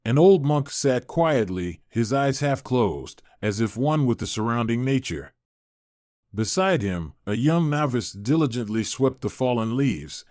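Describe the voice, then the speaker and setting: A man narrating spiritual stories in a calm, gentle, reflective scripted reading. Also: medium pitch, dry recording, studio quality. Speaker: storyteller.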